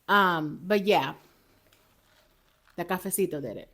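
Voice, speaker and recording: A woman hosting a casual motivational podcast. She is chatty and lively, talks straight to her viewers and sips coffee as she goes. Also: on the low side, a little slow. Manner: sips coffee while talking. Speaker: podcast host.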